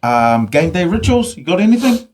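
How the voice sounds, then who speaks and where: A man's voice: fairly high pitch, very animated, normal speed, darkish tone. A man hosting a casual podcast interview, chatty and laughing easily. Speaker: podcast host.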